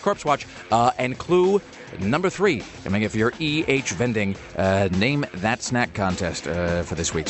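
A male radio host talking fast and casually into a studio microphone. His pitch sits in an ordinary middle range, and his speech is full of fillers and quick restarts as he jokes with his co-host. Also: fairly bright tone.

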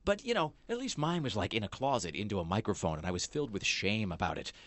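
A man's voice: on the low side, sing-song, fast, a bit bright. A man hosting a talk show, telling a rambling story with many fillers and restarts in a small studio. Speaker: podcast host. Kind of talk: casual chat.

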